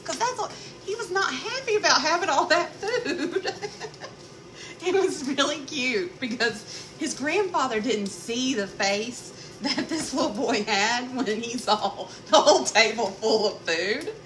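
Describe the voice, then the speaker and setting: A talkative woman with a drawl tells stories as she cooks in her home kitchen and greets live viewers by name. Her voice sits a little high, and a steady noise runs behind her. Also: a little slow. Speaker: cooking vlogger. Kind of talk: casual live-stream chat while cooking. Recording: noisy background.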